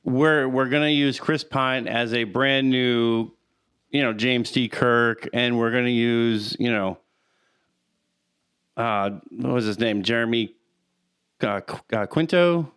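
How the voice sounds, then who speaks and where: A man co-hosting a casual podcast, explaining things patiently with halting restarts. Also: mid-range voice, fairly bright tone, smooth. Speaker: podcast co-host. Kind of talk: casual chat.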